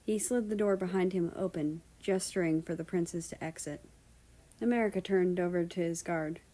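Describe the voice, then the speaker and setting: A woman reading fan fiction aloud as a storyteller, with an even narrating manner. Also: on the low side, moderate pace, low-quality recording. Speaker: story reader.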